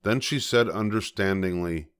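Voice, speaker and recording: Gentle older man reading a storybook. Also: deep voice, moderate pace, clear, resonant tone.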